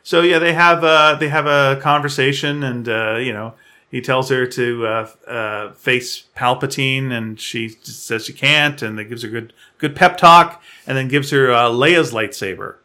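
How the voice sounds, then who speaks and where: A man's voice: mid-range voice, unhurried, pushed and bright. A man co-hosting a podcast, recapping a film in a rambling, sarcastic way with mocking asides. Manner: sarcastic, rambling storytelling with mock quotes. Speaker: podcast co-host. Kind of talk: casual film-recap chat.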